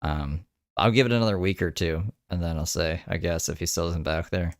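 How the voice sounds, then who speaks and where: A man's voice: low-pitched, fairly even intonation, fairly quick, dry recording, studio quality. A man giving casual, sarcastic commentary while reacting to another streamer's live broadcast, laughing often.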